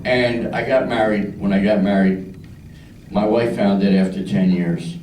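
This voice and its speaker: An older Philadelphia comedian works a club stage with a crude routine, doing voices for the people in his stories. His voice is lowish, evenly pitched, measured and a bit mellow, captured roughly from a distant mic in a roomy space with slight hiss or hum.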